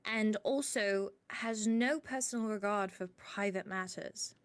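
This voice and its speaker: A woman streamer speaking in character during a roleplay, chatty and sometimes dropping to hushed asides while sharing gossip. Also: mid-range voice, unhurried, smooth.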